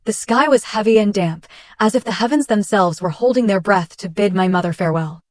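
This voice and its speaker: A woman reading a first-person story as scripted narration, in a steady, measured way. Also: mid-range voice, no room sound, clean studio sound.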